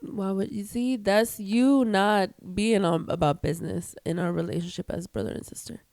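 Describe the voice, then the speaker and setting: Texas woman on a podcast, teasing banter, gravelly fry in her voice, dry mic. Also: mid-range voice, steady tone, normal speed, darkish tone, no echo. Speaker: podcast co-host. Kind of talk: casual chat.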